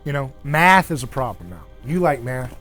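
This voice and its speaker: A man hosting a casual discussion around an outdoor fire, talking in an animated way and acting out the voices he quotes. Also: medium pitch, normal speed, soft background music. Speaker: host.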